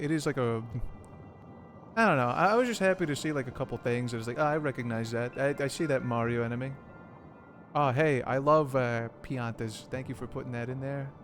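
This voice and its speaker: A man streaming a game, chatting casually in a rambling, profane, joking way. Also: mid-range voice.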